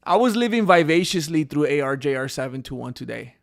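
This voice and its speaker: A man with a high, gravelly voice hosts a casual livestream, talking in loose slang. He tells stories with excitable, animated energy, his voice jumping as he gets worked up. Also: a little fast. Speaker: livestream host.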